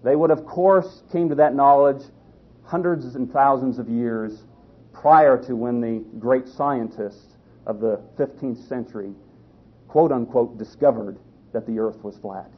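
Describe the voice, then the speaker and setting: A man preaching a sermon in a folksy storytelling way, often halting and restarting his sentences. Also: medium pitch, breathy edge. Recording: dull lo-fi recording.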